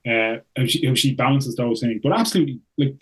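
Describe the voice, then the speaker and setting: A man's voice: mid-range voice, quick pace, slightly rough, rough recording. Jokey male podcast host. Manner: jokey, loose, lots of "like". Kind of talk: casual podcast chat.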